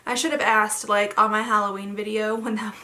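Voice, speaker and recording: A young woman chatting casually through a makeup tutorial, rambling with lots of fillers and a slightly hoarse throat. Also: mid-range voice, level tone, a little fast, bright, forceful tone. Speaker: beauty vlogger.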